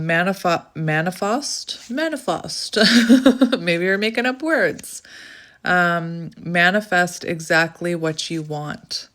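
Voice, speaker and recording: A woman's voice: lowish voice, fairly bright tone. A woman who is out of breath, giving a rambling, musing tarot reading in a casual spoken style. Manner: musing, rambling, filler-heavy. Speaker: tarot reader.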